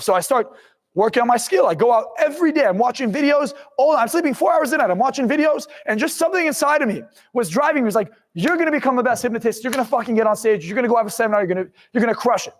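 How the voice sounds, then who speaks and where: Very high-pitched, animated and very fast, this twenty-something motivational speaker and hypnotist relates his own life story to camera. His telling is intense and blunt with some swearing, and the room has a long reverb.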